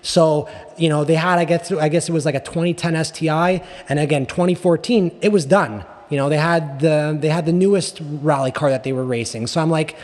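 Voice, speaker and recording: A man with a slightly raised pitch chats casually as an interview guest, rambling through restarts and frequent tag questions. His voice rings out with a long, hall-like reverb. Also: a little fast. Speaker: guest, car enthusiast.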